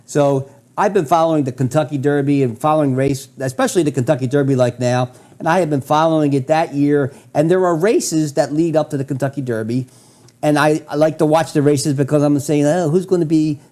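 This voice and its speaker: A man's voice: fairly high pitch, dark tone. A man in a radio interview, telling a personal story with enthusiastic, stammering restarts. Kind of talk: storytelling in conversation.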